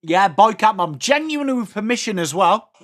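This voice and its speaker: A man's voice: sits high, expressive, brisk, fairly bright tone. A young English man hosting a live football watchalong, calling the play while chatting with viewers. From England. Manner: chatty, mixes play calls with replies to chat. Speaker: watchalong host. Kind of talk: live sports watchalong chat.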